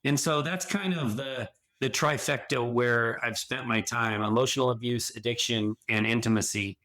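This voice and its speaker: A middle-aged man who counsels people on addiction and sexual health speaks earnestly as a guest on a conversational podcast. His mid-range voice is bright and forceful at a moderate pace, and he explains at length with frequent restarts.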